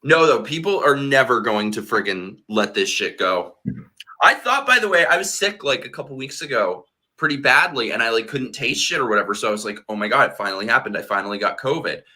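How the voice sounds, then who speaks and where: A man's voice: mid-range voice, very animated, fairly quick, bright, forceful tone. A tipsy man hosting a casual livestream chat, blunt and heated, swearing freely. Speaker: host.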